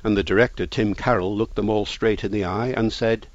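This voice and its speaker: A man's voice: on the low side, steady tone, fairly quick. Lecturing man on dull lo-fi audio. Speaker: linguist guest. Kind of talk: explanatory interview answers.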